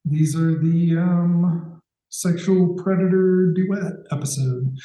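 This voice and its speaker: A man's voice: high-pitched, fairly even intonation, slow, mellow, reverberant, low-quality recording. A man co-hosting a podcast, recapping a TV episode in casual, sarcastic chat with the odd swear. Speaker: podcast co-host.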